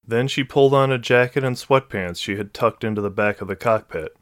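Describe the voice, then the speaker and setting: A man narrating a science-fiction novel in a steady, measured reading. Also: medium pitch, dry recording. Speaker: audiobook narrator. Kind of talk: scripted narration.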